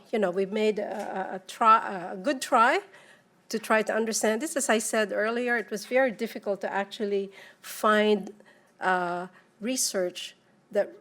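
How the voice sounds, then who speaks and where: Woman conference presenter at the podium, halting delivery, lots of restarts. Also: medium pitch, a bit bright. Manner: halting, many repeated words and restarts. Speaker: panel presenter.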